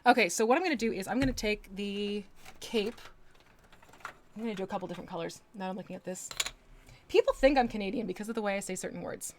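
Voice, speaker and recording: A woman's voice: mid-range voice, quick pace, a little hiss or hum. A woman chatting casually on a live stream as she paints miniatures, laughing often and playing with voices.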